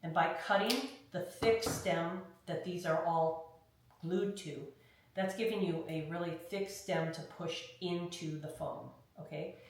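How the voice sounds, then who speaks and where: This craft instructor's voice is fairly low and fairly even in intonation, and she keeps a measured pace. She walks through a hands-on tutorial in a chatty way, regularly checking "okay?" A far-off mic captures her in a very echoey room with faint noise.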